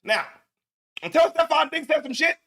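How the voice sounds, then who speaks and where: Male host, very high bright voice, laughing and swearing through reaction commentary. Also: very animated, moderate pace, vocal fry. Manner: laughing, profane, emphatic repetition. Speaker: show host.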